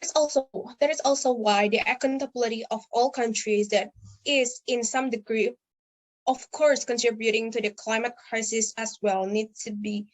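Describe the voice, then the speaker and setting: Female student delegate, slightly high pitch, formal prepared speech with halting restarts. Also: fairly even intonation, poor audio.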